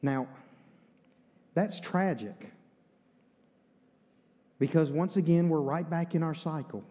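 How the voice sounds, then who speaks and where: A warm, slightly high male voice belongs to a pastor from Eastern North Carolina giving a slow sermon. He's folksy and conversational, with asides, and the church sanctuary lends a long reverb.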